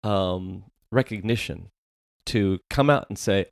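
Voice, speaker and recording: A man in his thirties co-hosting a podcast, laid-back and musing out loud. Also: fairly low pitch, lively intonation, normal speed, dry recording, studio quality. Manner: laid-back, frequent agreeing, muses out loud. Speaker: podcast co-host. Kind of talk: casual podcast banter.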